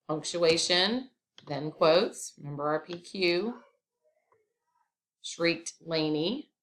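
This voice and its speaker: A woman teacher talks through a grammar lesson step by step. Her voice sits a little low, and she keeps it chatty, with casual asides. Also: a bit bright, slight background noise.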